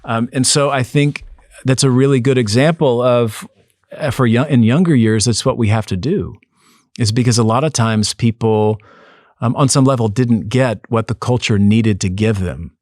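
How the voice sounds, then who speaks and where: A man, a psychotherapist, speaking as an interview guest in an earnest, measured way, often restarting his sentences. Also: mid-range voice, darkish tone, dry recording, clean studio sound. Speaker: depth psychotherapist, podcast guest. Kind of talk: reflective interview talk.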